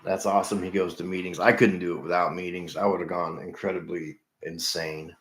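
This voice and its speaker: A middle-aged man with a very low voice talks to his livestream viewers in an earnest, halting way, often trailing off and repeating himself. The room around him is echoey. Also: little pitch movement. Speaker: livestream host in recovery. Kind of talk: casual livestream chat with viewers.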